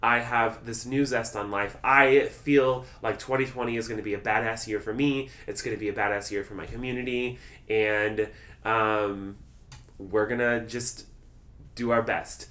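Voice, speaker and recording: A young man hosting a podcast, giving a casual, enthusiastic personal update with lots of ums and pauses. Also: on the low side, fairly even intonation, pushed and bright. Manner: chatty, enthusiastic, many ums. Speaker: podcast host.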